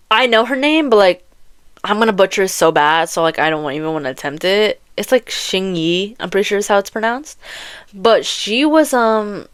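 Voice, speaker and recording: A woman's voice: medium pitch, smooth. A young woman hosting a podcast, chatting casually about audiobooks with lots of slang, swearing and laughter. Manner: animated, laughing, profane slang. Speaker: podcast host. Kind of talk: casual chat about books.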